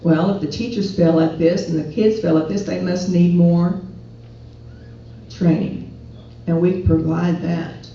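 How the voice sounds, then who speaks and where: A woman's voice: lowish voice, steady tone, measured pace, warm tone, a little hiss or hum. A woman giving an earnest, persuasive speech to an audience at a rally, often putting questions to the listeners. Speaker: speaker at a political rally. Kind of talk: public speech. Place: event hall. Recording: echoey hall, distant and dull.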